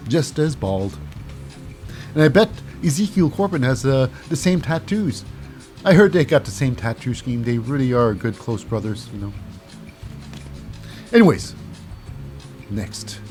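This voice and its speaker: A man's voice: mid-range voice, a little slow, long pauses, darkish tone, soft background music. A man casually recapping a wrestling show, rambling with lots of fillers and snarky asides.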